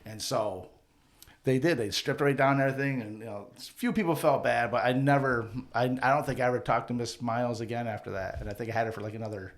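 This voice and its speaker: A man's voice: medium pitch, steady tone, fast. A man with a mid-range voice tells a long, rambling childhood story as a podcast co-host. He is from a Mohawk community and talks in a loose, jokey, profane way, slipping into the voices of the people in his story. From Akwesasne Mohawk community. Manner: rambling, profane, jokey anecdotes with acted-out quotes. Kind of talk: casual storytelling chat.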